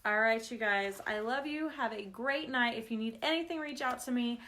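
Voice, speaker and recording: A woman, chatting warmly and laughing through stories as she hosts a craft livestream. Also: fairly high pitch, moderate pace. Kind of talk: casual craft livestream chat.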